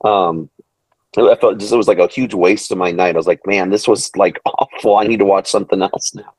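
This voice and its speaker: A man's voice: deep voice, fairly even intonation, brisk, darkish tone, husky, no echo. Laughing man recapping a film. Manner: recaps scenes, mimics characters, laughs often. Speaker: podcast host. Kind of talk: casual chat.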